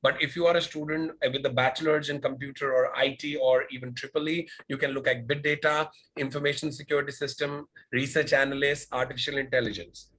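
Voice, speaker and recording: A man's voice: medium pitch, level tone, brisk, hardly any pauses, fairly bright tone, husky, low-quality recording. A man speaking as a college representative in an online open house. He answers applicants' questions and fills his explanations with "uh" and "you know". He is heard over a video call. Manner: explanatory, with frequent fillers. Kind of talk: webinar Q&A.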